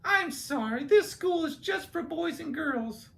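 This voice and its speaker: A woman voicing a cheerful schoolteacher in a read-aloud storybook, with a high sing-song voice. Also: expressive, a little slow, vocal fry, fairly bright tone, full character voice.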